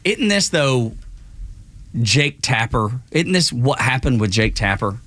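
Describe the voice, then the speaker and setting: A man co-hosting a morning radio show, talking in an excitable, emphatic way. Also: medium pitch, takes it slowly, no room sound. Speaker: radio co-host. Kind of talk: casual radio talk-show chat.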